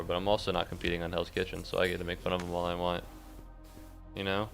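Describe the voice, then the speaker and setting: A man's voice: deep voice, fairly even intonation, fast, vocal fry, soft background music. A young man streaming a game, rambling and sarcastic, swearing a lot and yelping suddenly at the game. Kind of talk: casual gameplay commentary.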